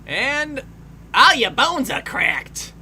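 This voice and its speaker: A man's voice: very high-pitched, sing-song, very slow, bright, forceful tone, a little hiss or hum. A man giving casual film commentary, swearing freely and laughing often.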